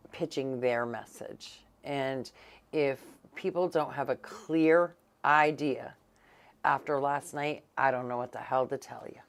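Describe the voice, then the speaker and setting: A woman co-hosting a casual local news chat, rambling with many fillers and restarts in a blunt, teasing way. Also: very deep voice. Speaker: co-host.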